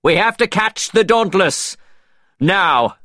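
A man's voice: medium pitch, sing-song, slow pace, breathy edge, no echo, studio quality, full character voice. A man reading aloud voices a stern naval officer who gives curt orders. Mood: alarmed.

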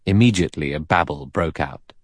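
A man narrating a novel as an audiobook in a steady, composed manner. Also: a bass voice, brisk, dry recording, studio quality.

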